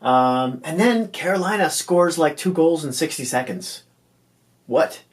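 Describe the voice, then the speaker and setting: A man casually recapping hockey games. He talks loosely, fills pauses with ums and uhs, and stumbles over player names. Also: fairly high pitch, expressive.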